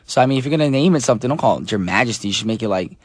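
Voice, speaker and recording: A hoarse man hosting a radio show in casual chat, joking with listeners and using many fillers. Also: medium pitch, lively intonation, racing, dry recording.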